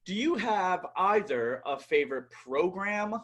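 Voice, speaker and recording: A man hosting a casual interview, asking lively, conversational questions. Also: high voice, measured pace. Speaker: podcast host.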